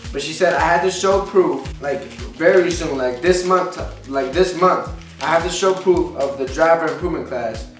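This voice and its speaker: A man's voice: a little high, moderate pace, few pauses. Exasperated man venting into a distant mic. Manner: frustrated, profane, repetitive venting. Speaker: vlogger. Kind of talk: casual vlog rant. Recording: echoey room, distant mic, faint music.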